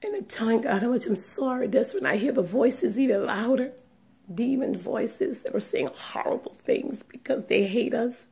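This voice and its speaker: A woman giving a personal religious testimony, speaking in a hushed, trembling way that often sinks into a whisper, close to tears. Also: a little high, expressive, moderate pace, vocal fry. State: tearful, on the verge of crying.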